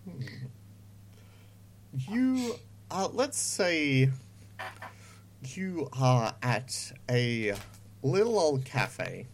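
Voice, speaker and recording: A man running a tabletop game as game master, narrating in an easygoing way and thinking aloud. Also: mid-range voice.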